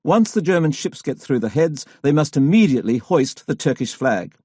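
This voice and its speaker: A man narrating a history audiobook in a measured storytelling delivery. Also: mid-range voice, sing-song, mellow, dry recording, studio quality. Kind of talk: scripted narration.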